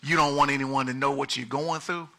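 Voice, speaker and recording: A pastor preaching a lively sermon, shifting from quiet asides to loud, emphatic calls. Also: male voice, medium pitch, a little fast, creaky.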